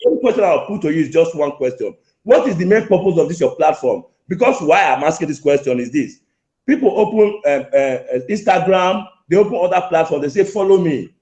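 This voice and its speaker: A man's voice: on the high side, lively intonation, a little fast, dark tone. Insistent male caller on an echoey line. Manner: repetitive, insistent, interrupting. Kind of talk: angry call-in complaint. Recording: echoey lo-fi phone call.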